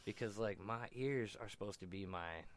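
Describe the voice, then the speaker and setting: Man, deep voice, loose and profane, excitable casual talker. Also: normal speed. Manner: animated, swears a lot, laughs while talking. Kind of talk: casual chat. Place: room with friends.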